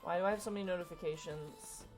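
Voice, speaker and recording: A woman game master chats casually before the session, her voice hoarse and crackly from a cold. She sits a little low in pitch and keeps things moving with a wry, organizing tone. Soft music plays faintly behind her. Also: fast talker. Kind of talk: casual chat hosting a tabletop game stream.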